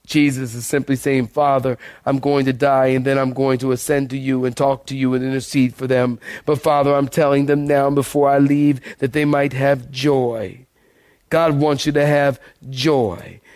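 A male pastor giving a lively sermon, with big swings in volume and pace. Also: a little high. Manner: animated preaching with shifts in volume and pace.

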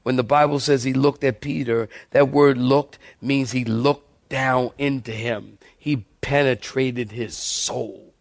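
A man preaching a sermon as pastor, animated and joking, calling out to the congregation. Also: mid-range voice, takes it slowly, vocal fry, hardly any pauses.

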